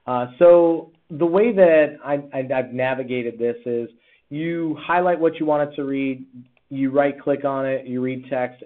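A man walks through a software tool in a relaxed, chatty teaching voice, full of "uh"s and false starts. His pitch sits in the middle range. The audio is tinny and narrow, like it came over a phone line. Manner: casual, chatty, with frequent fillers and restarts. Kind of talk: screen-recorded software tutorial.

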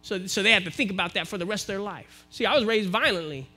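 A man with an American accent preaching a sermon to his congregation, building to forceful exhortation. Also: sits high, fast, breathy edge, soft background music. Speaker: minister. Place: church, live-streamed service.

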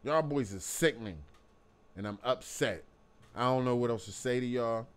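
A man's voice: mid-range voice, moderate pace, clean tone. A young man hosting his sports channel, ranting angrily to camera about his team's loss. He curses freely and repeats himself when he gets worked up. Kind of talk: angry sports fan rant to camera.

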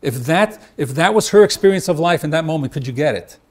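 Once more the marriage therapist, a middle-aged man, lectures his workshop audience, voicing husband and wife alike and pausing after rhetorical questions. His voice sits on the high side with lively intonation.

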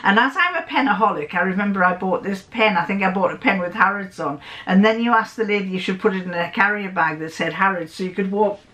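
A woman's voice: mid-range voice, quick pace, hardly any pauses, a bit bright. An older woman with a Northern English accent, chatting in a casual storytelling sewing vlog and wandering off into anecdotes. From north of England. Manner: rambling, digressive, with frequent restarts and acted-out quotes. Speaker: sewing vlogger.

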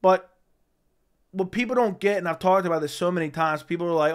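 A man's voice: high-pitched, brisk, clean tone. Blunt man with a strained voice. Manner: blunt and outspoken. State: strained, tiring voice. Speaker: MMA commentary streamer. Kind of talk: casual livestream chat.

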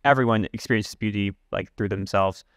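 A young man from the audience asking a panel a long, halting question filled with "like.". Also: on the low side, fairly even intonation, a bit bright, no room sound, clean studio sound.

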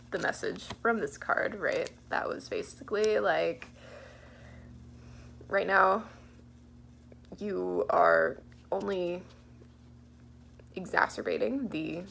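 A woman's voice: lowish voice, gravelly, a bit bright, a little hiss or hum. A young woman giving a casual tarot card reading, laid-back and giggly, thinking aloud with many fillers. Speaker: tarot reader.

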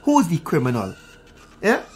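A man with a Guyanese accent delivers a heated, profane news commentary, repeating his points and speaking directly to viewers. His fairly high voice swoops wildly in pitch at a moderate pace, over a faint hiss or hum.

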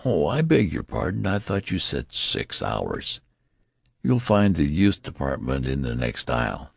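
A man's voice: extremely low pitch, big pitch swings, measured pace, vocal fry, no echo, exaggerated voice. A man voicing a curious, matter-of-fact male shop clerk in an audiobook.

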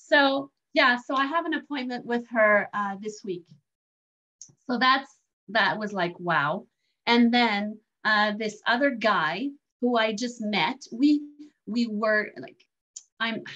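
A woman telling a story in a casual, animated way, laughing often and restarting lines. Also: a little high. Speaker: guest sharing a story. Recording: dull lo-fi sound.

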